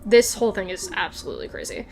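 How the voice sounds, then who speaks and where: A young woman chatting casually in a TV recap vlog, gushing and animated, laughing and swearing often. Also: mid-range voice, fast talker, vocal fry. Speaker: recap vlogger. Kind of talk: casual chat, excited TV recap.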